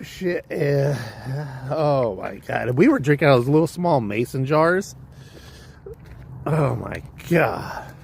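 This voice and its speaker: A man's voice: mid-range voice, gravelly, slight background noise. Rambling, cussing Californian man. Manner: rambling, profane, animated storyteller. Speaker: livestream vlogger. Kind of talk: casual storytelling chat.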